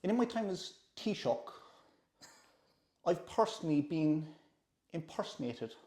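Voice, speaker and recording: An Irish man doing an impression of an older male prime minister, speaking slowly and formally. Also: on the high side, sing-song, darkish tone. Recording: roomy echo.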